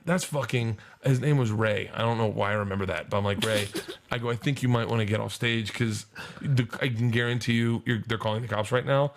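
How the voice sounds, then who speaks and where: A middle-aged man telling a comedic story in an animated, profane way, often laughing as he goes. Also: mid-range voice. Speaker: podcast guest.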